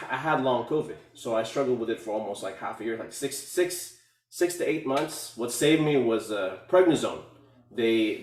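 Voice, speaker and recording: Male caller on a video call, halting speech, echoey and off-mic. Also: medium pitch, a little hiss or hum. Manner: halting, many fillers and restarts. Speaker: community call participant. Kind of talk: casual testimonial. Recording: echoey room, far from mic.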